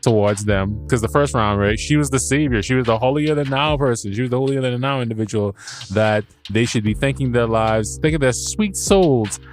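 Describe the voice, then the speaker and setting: A man of medium pitch talks at a normal speed as soft music plays underneath. Reviewing a show on his podcast, he wanders casually through the recap, stammers and restarts, swears without hesitation, and pokes fun at himself with laughter.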